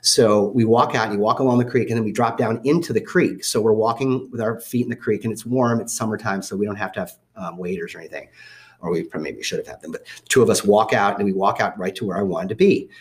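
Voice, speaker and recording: A man's voice: on the low side, fast talker. A man telling a story from his own life. He speaks casually, often corrects himself and restarts, and acts out the voices of the people in it. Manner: rambling with self-corrections and restarts. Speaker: father telling a family story.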